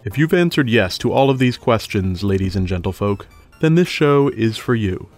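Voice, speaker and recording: Low-voiced man announcing over guitar. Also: expressive, normal speed, darkish tone. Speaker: radio comedy show host. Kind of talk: scripted show introduction.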